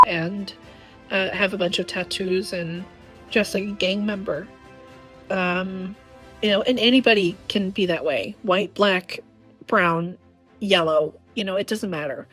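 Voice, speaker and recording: A woman from the American South with a rough, strained voice, talking in a casual, blunt opinion monologue full of ums and restarts. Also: medium pitch, measured pace, fairly bright tone, faint music behind. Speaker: vlogger.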